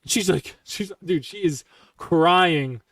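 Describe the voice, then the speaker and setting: A young man telling military stories in casual, profane style, bluntly and with lively quoted dialogue. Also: a little high, takes it slowly, far from the mic. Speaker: streamer recounting military stories.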